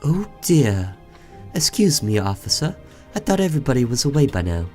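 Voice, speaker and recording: A man's voice: medium pitch, very animated, moderate pace, a little mellow, soft background music, lightly acted. A man voicing a nervous, overly polite male neighbor who apologizes and fusses as he speaks. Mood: flustered polite. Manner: apologetic and fussy.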